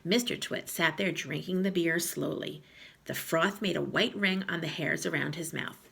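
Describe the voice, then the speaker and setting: Gravelly woman reading a storybook aloud. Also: low voice, moderate pace. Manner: lively, slightly gravelly, with small slips. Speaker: reader of a children's book.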